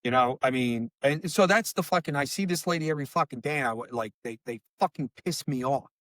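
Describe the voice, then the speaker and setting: Speaking briskly in a medium-pitched, fairly bright voice, a middle-aged father who lost his child recounts stories as a podcast guest. The interview is emotional, his talk rambling, heated, and full of profanity, and the sound has no echo.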